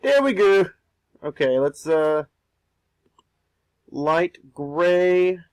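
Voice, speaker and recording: Rambling young man, fairly high voice. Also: expressive, extremely slow, smooth, no room sound, poor audio. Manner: rambling, repeats words, swears casually. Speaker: art streamer. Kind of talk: casual talk while drawing.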